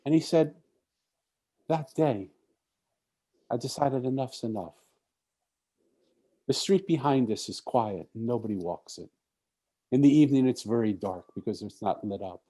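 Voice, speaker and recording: A man's voice: medium pitch, lively intonation, normal speed, long pauses, dark tone. A man giving an inspirational talk at a conference, telling a story and acting out what the people in it said. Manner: storytelling, acts out quoted speech. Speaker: speaker.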